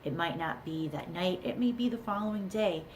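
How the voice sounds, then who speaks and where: A woman's voice: fairly low pitch, normal speed, slight background noise. A middle-aged woman, a parenting coach, giving earnest advice to camera and repeating key words for emphasis. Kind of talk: talking-to-camera advice video.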